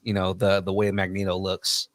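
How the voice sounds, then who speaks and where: A man co-hosting a casual pop-culture podcast, enthusiastic but halting, with frequent fillers and restarts. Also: low voice, monotone, no room sound, clean studio sound. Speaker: podcast co-host.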